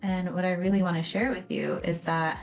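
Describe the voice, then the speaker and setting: A woman's voice: on the low side, flat delivery, brisk, faint music behind. A woman explaining how memory works in a casual, conversational way, acting out little scenes as she goes. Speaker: educator explaining memory and trauma. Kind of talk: explanatory video talk.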